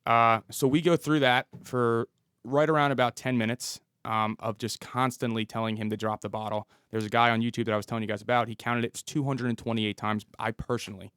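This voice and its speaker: A man's voice: mid-range voice, level tone, a little fast, a bit bright, clear, resonant tone, no room sound, clean studio sound. A man in his thirties, a police officer and podcast guest, telling a story and acting out what people said. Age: 30s. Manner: vivid storyteller who acts out the dialogue. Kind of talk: storytelling interview.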